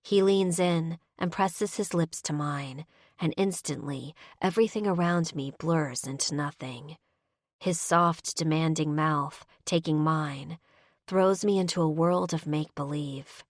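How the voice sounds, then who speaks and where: A woman's voice: low voice, unhurried, no room sound, clean studio sound. A woman narrating a romance audiobook in the first person, emotive, voicing both characters' dialogue.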